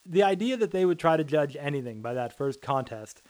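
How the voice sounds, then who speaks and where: A man's voice: on the high side, lively intonation, fairly quick, darkish tone. A man co-hosting a casual chat, earnest and ranting, with rambling asides. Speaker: podcast co-host.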